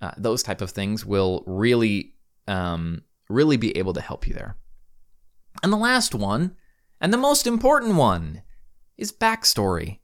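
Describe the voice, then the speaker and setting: A man with a fairly low voice, talking through a casual podcast monologue. He is chatty and upbeat, drops in casual slang, and fills gaps with ums as he gives game advice. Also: big pitch swings, a little slow, a bit bright. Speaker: podcast host and game master.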